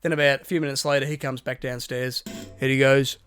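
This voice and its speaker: A man, co-hosting a podcast, telling a story in lively casual chat, swearing and acting out quotes. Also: medium pitch, brisk, clean tone, dry recording, clean studio sound. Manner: animated storyteller, swears a lot, acts out quotes. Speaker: podcast co-host.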